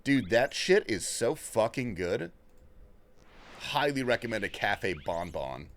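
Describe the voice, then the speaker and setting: A man's voice: on the low side, big pitch swings, measured pace. Laid-back, swearing young male streamer. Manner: laid-back, slangy and profane, reading and answering chat. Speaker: livestreamer. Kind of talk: casual gaming livestream chat.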